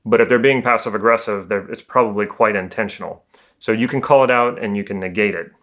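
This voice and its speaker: A man working as a communication coach, giving a calm, conversational educational talk. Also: lowish voice, fast talker.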